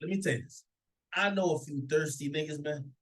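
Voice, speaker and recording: A man's voice: fairly high pitch, a little fast, rough recording. A man commenting casually on a played clip, opinionated, often stammering and repeating words. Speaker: reaction commentator.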